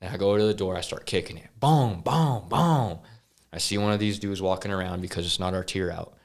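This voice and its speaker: A man as a podcast guest, earnestly telling a personal story with halting restarts and sighs. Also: deep voice, little pitch movement. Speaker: interview guest.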